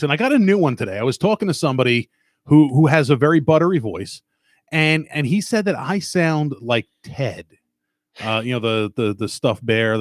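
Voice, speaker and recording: A man's voice: mid-range voice, dry recording. Man, Long Island accent, stuffed-up, profane rambling podcast host; dry close mic. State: stuffed up nose. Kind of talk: casual chat.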